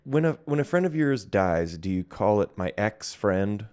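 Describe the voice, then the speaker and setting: Deep-voiced man rambling through comedy banter. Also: very animated, normal speed, darkish tone, smooth. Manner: rambling, self-mocking joking. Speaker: podcast co-host, stand-up comic. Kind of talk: casual comedy podcast chat.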